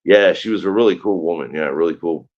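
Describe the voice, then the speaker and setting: A man in casual conversation, telling a relaxed story with easy enthusiasm. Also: low-pitched, quick pace, highs cut off. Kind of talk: casual chat.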